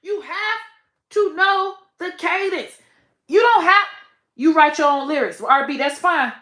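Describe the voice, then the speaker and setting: Slow-talking bright-voiced woman, blunt profane rant. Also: very high voice. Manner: blunt, profane, animated, trails off and restarts. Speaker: online comedian and commentator. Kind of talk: casual profane rant to camera. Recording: echoey room.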